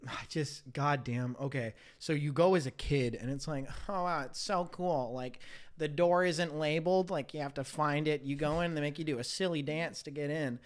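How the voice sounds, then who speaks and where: A young man in casual podcast chat, blunt, swearing freely, with quick agreement. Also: on the high side. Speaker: podcast host.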